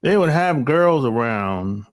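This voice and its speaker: Middle-aged male host, blunt slangy rant, slow delivery with a lot of pitch movement. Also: lively intonation. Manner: rambling, blunt, with slang and profanity; frequent sighs and restarts. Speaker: channel host. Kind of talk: casual opinion monologue.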